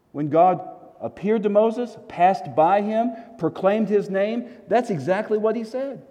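A pastor preaching a sermon, telling a story with animated, emphatic repetitions. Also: male voice, high-pitched. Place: church sanctuary in a desert city. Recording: long reverb of a large hall.

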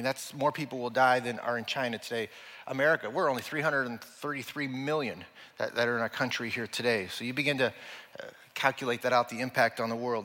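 Bright-voiced male preacher in a reverberant hall. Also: medium pitch. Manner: emphatic preaching with rhetorical questions. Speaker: pastor. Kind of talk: sermon.

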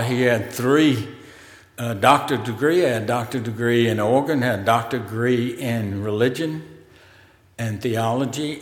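A man preaching a sermon as pastor, in a slow, conversational way with pauses and fillers, in a church sanctuary. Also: medium pitch, fairly bright tone. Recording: roomy hall reverb.

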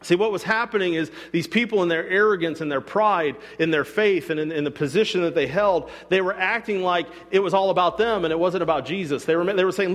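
A man's voice: sits high, quick pace, hardly any pauses. A man preaching a sermon as pastor, talking casually and acting out quotes, sometimes with sarcasm. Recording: long reverb of a church hall.

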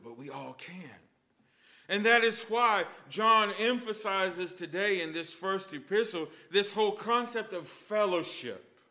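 A male priest preaching a sermon with lively storytelling and emphatic points. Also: high-pitched.

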